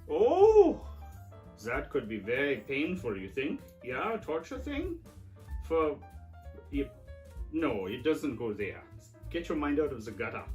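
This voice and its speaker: A man's voice: a little high, wildly swooping pitch, a little slow, long pauses, a little mellow, faint music behind. Man doing a hammy German-accented eccentric. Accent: put-on German. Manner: hammy, theatrical, scolds a doll. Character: eccentric man showing odd old gadgets. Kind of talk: comic sketch character.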